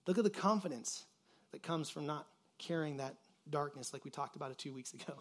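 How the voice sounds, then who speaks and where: A man gives a loose, chatty sermon in a fairly high voice. He drops in lots of fillers and slips into voices for the people in the story. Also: fairly quick. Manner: casual and animated, acting out quoted voices; uses many fillers like "like". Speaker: pastor. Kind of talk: conversational sermon.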